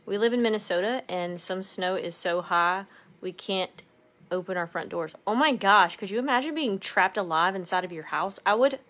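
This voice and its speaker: Woman, casual live co-host, chatty and quick to laugh. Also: medium pitch, fairly bright tone. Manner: chatty, laughs often, reads viewer comments aloud. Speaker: craft channel co-host. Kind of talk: casual livestream chat while crafting.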